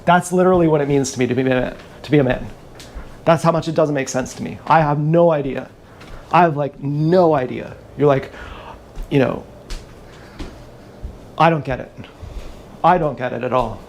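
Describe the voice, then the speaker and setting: A man's voice: a little high, moderate pace, long pauses, a little hiss or hum. A man streaming live, talking in a rambling comic monologue full of restarts and asides. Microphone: action camera.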